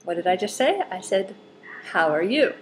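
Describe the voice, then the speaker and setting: A woman English teacher summing up a group lesson, speaking slowly and clearly and spelling out words for learners. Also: mid-range voice, very animated, a little hiss or hum, poor audio. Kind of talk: recorded lesson summary.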